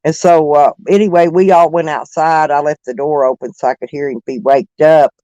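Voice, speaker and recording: Chatting loosely with livestream viewers, a middle-aged man drifts across topics, laughs frequently and leans on fillers. His voice is high and light with a warm tone, fairly even intonation and a normal speed, recorded dry and close without echo.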